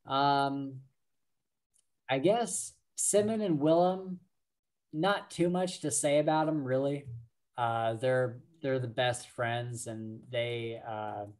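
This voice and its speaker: A man's voice: mid-range voice, slow, darkish tone. A man co-hosting a podcast, talking casually about books with many fillers and frequent laughs. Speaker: podcast co-host. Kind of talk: casual book discussion.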